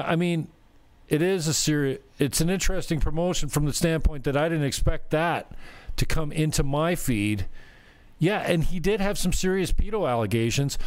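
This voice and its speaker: A man's voice: a little high, a little mellow, no room sound. Profane rambling man, dry sound. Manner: rambling, swearing, exasperated. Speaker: vlogger. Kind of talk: casual profane rant.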